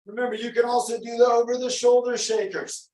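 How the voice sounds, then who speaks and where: Upbeat high-voiced male fitness coach. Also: little pitch movement, a little fast, a little mellow, reverberant, distant mic, poor audio. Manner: upbeat, encouraging, counts reps and calls out names. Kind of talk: live online workout class.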